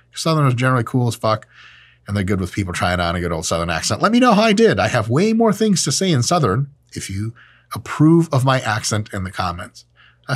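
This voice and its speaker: A man hosting a casual educational talk in a jokey, irreverent way. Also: mid-range voice. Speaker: host.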